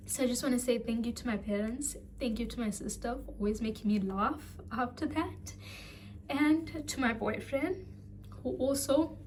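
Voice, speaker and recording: A woman's voice: on the high side, a little hiss or hum. A young woman speaking to her viewers in a personal vlog, earnest and heartfelt, emotional and close to tears. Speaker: vlogger. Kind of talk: personal vlog talking to camera.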